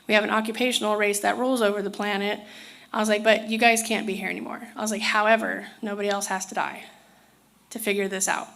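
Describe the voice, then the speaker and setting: A woman's voice: mid-range voice, little pitch movement, quick pace, gravelly, a bit bright. A woman telling a personal story in a casual, rambling way, often restarting her sentences. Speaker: spiritual speaker.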